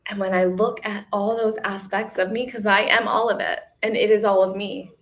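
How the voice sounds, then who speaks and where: A woman's voice: medium pitch, steady tone, moderate pace. A woman hosting a live self-love retreat, giving an emphatic, casual motivational talk. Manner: emphatic, repetitive coaching; casual, chatty.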